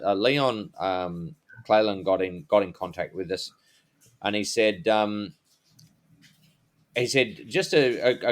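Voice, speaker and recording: A man co-hosting a casual podcast, rambling a little as he introduces the next topics. His voice sits fairly low. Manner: rambling, full of fillers and restarts. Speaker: podcast co-host. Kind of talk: casual chat.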